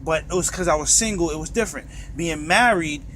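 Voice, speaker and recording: A man's voice: on the high side, a little fast, sharp tone, a little hiss or hum. A truck driver with a New York accent, ranting in a bitter, profane monologue from inside his truck cab.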